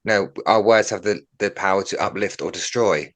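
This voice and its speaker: A man's voice: low-pitched, a little fast. A man hosting an interview and speaking in a frank, conversational way. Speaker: podcast host.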